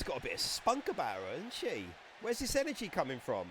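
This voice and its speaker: A man giving casual, excitable live-stream commentary on a wrestling game, chatting and laughing as he goes. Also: a little high, brisk, hardly any pauses, noisy background.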